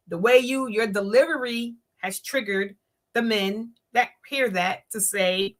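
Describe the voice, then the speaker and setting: On her live-streamed talk show, a woman preaches her point with emphasis and often acts out the words of others in voices. She speaks at a measured pace in a slightly high voice.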